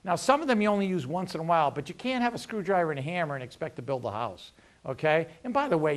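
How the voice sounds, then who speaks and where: Middle-aged man, punchy motivational speaker, swings his pitch widely. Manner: energetic, lively, acts out dialogues. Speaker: veterans' employment representative. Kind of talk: career workshop talk.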